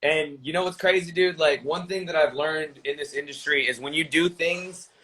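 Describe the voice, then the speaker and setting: A man's voice: on the high side, moderate pace, sharp tone, low-quality recording. A young man, a gaming streamer, talking casually as a podcast guest, rambling with lots of fillers and restarts.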